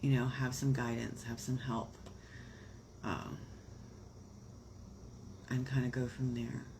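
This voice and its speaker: An emotional, chatty woman gives astrology readings on a home live stream. She talks in loose, warm phrases full of fillers and stops to tell her viewers she loves them. A faint noise runs under the phone or webcam recording. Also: rumbling low, flat delivery, slow pace. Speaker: astrology reader on a livestream.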